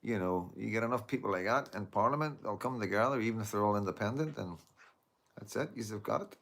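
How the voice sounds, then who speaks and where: Low-voiced man, rambling. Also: a little fast, gravelly, fairly bright tone. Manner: rambling, repeats "you know what I mean". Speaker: livestream host. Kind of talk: casual livestream chat.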